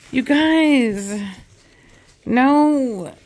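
A woman's voice: a little high, slow pace, pauses often. A woman hosting a casual vlog by the fire, slipping into affectionate baby talk with her puppies. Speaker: dog breeder and channel host. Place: indoors by a fire. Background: dogs.

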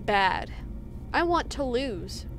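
A woman voicing a weary, anxious young female cat from a game, reading her lines slowly and brooding. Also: fairly high pitch, very animated, creaky, a little hiss or hum, full character voice. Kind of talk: reading game dialogue aloud.

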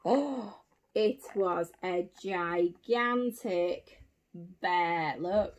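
Animated teacher reading a picture book. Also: female voice, medium pitch, very slow. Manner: animated, gasping, exclaiming to children. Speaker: primary school teacher.

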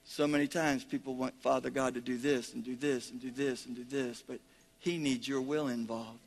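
A man preaching as pastor, leading a congregation in call-and-response and swinging between shouted praise and quiet prayer. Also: mid-range voice, fairly even intonation, moderate pace, vocal fry. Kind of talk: sermon.

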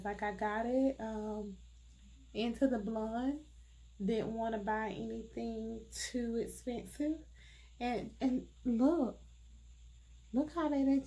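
A channel host reviews wigs in a casual vlog, her slightly high, slightly mellow voice coming through a congested, blocked-up nose. She talks unhurriedly and chattily, with lots of fillers.

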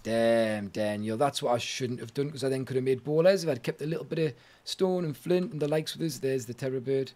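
A man's voice: mid-range voice, fairly quick, darkish tone. A man giving casual, jokey let's-play commentary, talking to himself and to chat as he plays. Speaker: gaming streamer.

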